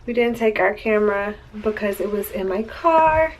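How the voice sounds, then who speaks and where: A woman chatting casually to her viewers in a daily vlog, slipping into high baby talk when she speaks to her dog. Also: normal speed, a little hiss or hum, rough recording. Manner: relaxed, chatty, talks to viewers as y'all. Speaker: vlogger.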